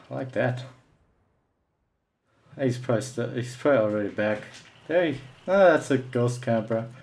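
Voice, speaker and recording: A man's voice: fairly low pitch, creaky, darkish tone. A young man giving live commentary over an online shooter match, angry and swearing, mocking the other players. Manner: angry ranting, swearing often; mocking taunts at opponents. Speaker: gameplay commentator.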